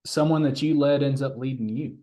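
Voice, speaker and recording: A young man interviewing a guest, asking his questions haltingly and often repeating words as he searches for them. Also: medium pitch, fairly even intonation, mellow. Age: young adult.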